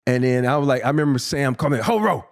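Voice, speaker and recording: A man in his fifties, a former basketball player and podcast guest, telling a profane, animated story and acting out what people said. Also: medium pitch, racing, clear, resonant tone. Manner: animated, profane, acts out quotes in a raised voice. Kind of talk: casual storytelling.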